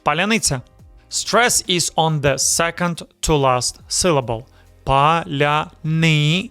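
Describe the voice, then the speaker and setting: Ukrainian-accented man, host of a pronunciation lesson, slightly high voice, slow and deliberate, dry close sound. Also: a bit bright, clear, resonant tone, dry recording, faint music behind. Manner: slow, deliberate, repeats words to demonstrate sounds. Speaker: YouTube host teaching pronunciation.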